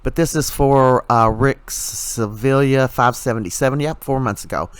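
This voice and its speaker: A man's voice: medium pitch, normal speed, clear, resonant tone, no room sound. Sarcastic ranting man, dry close sound. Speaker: commentary channel host. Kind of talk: casual commentary vlog.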